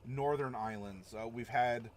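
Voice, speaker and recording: A man's voice: mid-range voice, measured pace. Rambling man hosting a live stream. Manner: rambling, chuckling, reacts to chat. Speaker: stream host. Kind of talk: casual live-stream chat.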